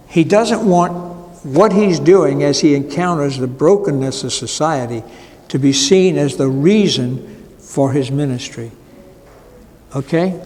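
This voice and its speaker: A male pastor gives an informal Bible lesson to adults, his voice sitting a little high for a man. He talks in a conversational, wandering way and drops wry asides. A long reverb from the church room trails each phrase. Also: a little mellow. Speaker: pastor teaching adult education. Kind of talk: informal Bible class lecture. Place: church classroom.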